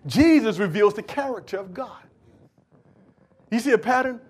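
Man, pastor preaching, high-pitched voice, rising shouted appeals, quiet asides. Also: a little fast, pauses often. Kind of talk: sermon.

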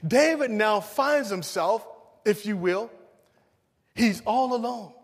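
High-voiced preacher with big swings. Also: male voice, animated, takes it slowly, big-room sound. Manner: dynamic, swings from loud emphasis to hushed pleading. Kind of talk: sermon.

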